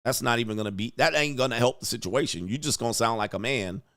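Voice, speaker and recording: A man's voice: medium pitch, quick pace, fairly bright tone, no echo. A man hosting a reaction commentary show, talking in a blunt, crude and mocking way with lots of slang. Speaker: commentary host.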